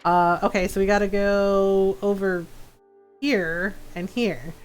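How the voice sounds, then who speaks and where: A woman's voice: medium pitch, fairly even intonation, slow pace, soft background music. A woman game streamer chatting casually while she plays, rambling and laughing through her stories. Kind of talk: casual live-stream chat while playing.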